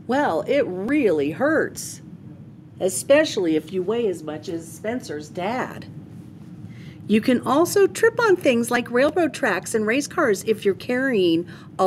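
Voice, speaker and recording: A woman reading a children's picture book aloud to young listeners. She takes her time with each line, and her voice rises and falls expressively. A faint rumble sits underneath. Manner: expressive, lively storytelling. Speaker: storyteller.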